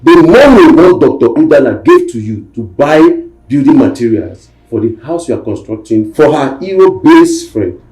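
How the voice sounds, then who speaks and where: A man's voice: mid-range voice, big pitch swings, moderate pace, a little mellow, lightly acted. An actor with a Nigerian accent playing a cruel male gang leader who barks orders and mocks his victims. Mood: demanding. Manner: barking orders, mocking. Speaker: armed robber leader. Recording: roomy scene audio from a distance, music under.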